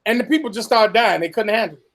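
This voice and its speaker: Co-host, casual commentary, profane, mocking, lecturing, mid-range pitch. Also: quick pace, a bit bright. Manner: profane, mocking, acts out what others say; lecturing, warns the listeners.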